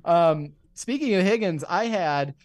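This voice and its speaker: A man's voice: high voice, expressive, unhurried, dry recording. A man co-hosting a podcast in casual chat, hesitating with fillers as he retells quotes. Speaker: podcast co-host.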